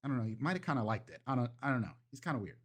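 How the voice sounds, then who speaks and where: Guy putting on a tiny furious vampire girl singer, shrill and swearing, loud and jumping way up high, husky underneath. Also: expressive, racing. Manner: ranting, swearing, shrill outbursts.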